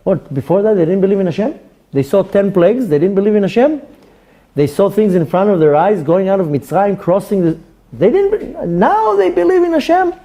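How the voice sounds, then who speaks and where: A rabbi with a high voice and brisk delivery teaches Torah to people in the room. He is animated, dramatizing little dialogues as he goes.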